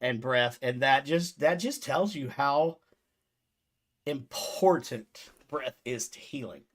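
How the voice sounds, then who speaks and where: A man hosts a casual podcast in a chatty, animated way and laughs easily. His voice sits at an ordinary mid pitch. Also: slow.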